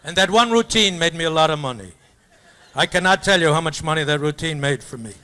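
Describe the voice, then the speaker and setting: A man's voice: on the high side, animated, a little fast, pushed and bright. Older man telling stand-up stories. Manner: loose, rambling storyteller slipping into mock-opera singing and funny voices. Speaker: comedian. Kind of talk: stand-up storytelling. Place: high school auditorium.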